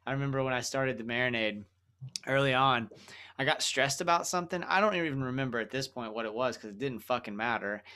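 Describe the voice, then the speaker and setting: A male podcast host chats with his guest in a voice of ordinary pitch. He sounds engaged and casual, curse words slipping in as he talks. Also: lively intonation, fast talker, bright, forceful tone, clear, resonant tone. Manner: engaged, chatty, swears casually. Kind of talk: casual interview talk.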